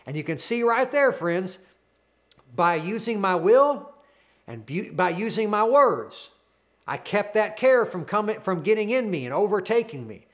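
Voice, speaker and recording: A man in his thirties preaching with a high, light voice. He presses his point through earnest, repeated declarations, speaking close to the mic. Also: sing-song, measured pace. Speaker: pastor. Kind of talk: sermon.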